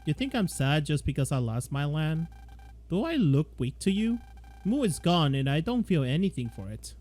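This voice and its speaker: A man's voice: on the high side, big pitch swings, normal speed, a little mellow. A man voicing a cold, proud loner boy who talks curtly and with scorn. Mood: defiant. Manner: scornful and curt.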